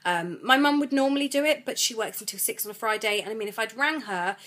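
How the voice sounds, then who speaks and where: A woman vlogging about her week, talking in long rambling runs. She is pregnant and retells events with animated energy, quoting the people involved. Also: a little high, fast talker. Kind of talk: chatty vlog storytelling.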